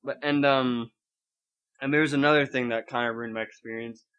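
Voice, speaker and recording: A man's voice: medium pitch, normal speed, smooth, dull audio. A young man co-hosting a podcast, rambling and swearing as he tells a story in casual chat. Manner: rambling, animated, swears a lot, acts out scenes. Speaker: podcast co-host.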